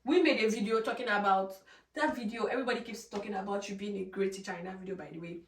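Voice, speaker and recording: A woman's voice: mid-range voice, fast, echoey room, recorded from a distance, slight background noise. A woman from Nigeria with a Nigerian accent, chatting casually in her vlog and using lots of fillers. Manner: chatty, conversational, many "like" fillers. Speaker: vlogger. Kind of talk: casual chat.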